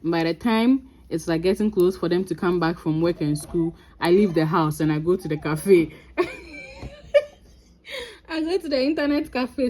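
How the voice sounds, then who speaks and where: A woman with a Ghanaian accent telling a story from her own life in a casual vlog, animated and laughing often. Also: lowish voice, moderate pace. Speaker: crafting vlogger.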